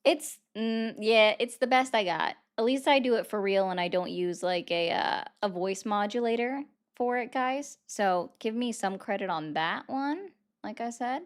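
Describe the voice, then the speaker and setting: A woman's voice: fairly high pitch, unhurried, clear, resonant tone. A woman hosting a live stream and taking callers, chatting in a self-deprecating, rambling way. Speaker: livestream host taking callers. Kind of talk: casual livestream chat.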